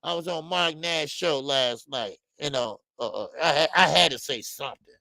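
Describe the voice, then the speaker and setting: A man hosting a boxing live stream, reading viewer comments and ranting in an animated way, with many stammered fillers. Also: a little high, normal speed, creaky, no room sound. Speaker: boxing channel host.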